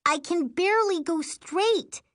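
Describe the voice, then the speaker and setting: A woman's voice: extremely high pitch, measured pace, a bit bright, voice pushed up. A woman voicing a snide, impatient teenage girl in an audiobook. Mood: snappish. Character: teen girl, sharp, snide older-acting sister.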